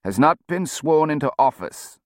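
A man's voice: on the high side, sing-song, normal speed, no echo, studio quality, pitched above the performer's own voice. A man voicing a dazed male politician in his seventies who stumbles over his words. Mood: stiff.

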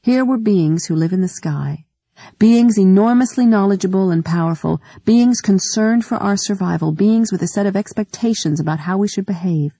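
Woman audiobook narrator, dark mellow tone, dry close sound, measured delivery. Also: medium pitch, breathy edge, dry recording. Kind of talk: scripted narration.

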